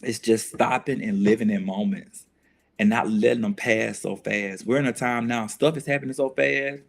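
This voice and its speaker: A man's voice: lowish voice, fairly even intonation, moderate pace, creaky. A man, speaking as a guest in an earnest, reflective conversation, often restarting and repeating phrases as he works through his thoughts.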